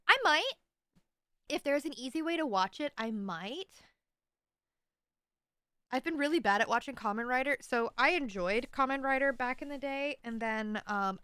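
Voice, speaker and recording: A woman streamer talking loosely into a desk mic, her voice bright and a touch high. She rambles playfully and pokes fun at herself. The sound is close and dry. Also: smooth, no room sound. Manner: rambling, playful, self-mocking. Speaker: livestreamer. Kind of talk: casual stream chat.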